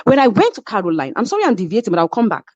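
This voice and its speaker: A middle-aged woman with a Nigerian accent, a reality show cast member telling a story in casual chat, animated and heated, slipping into Yoruba phrases. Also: mid-range voice, racing, no room sound. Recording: slightly muffled lo-fi sound.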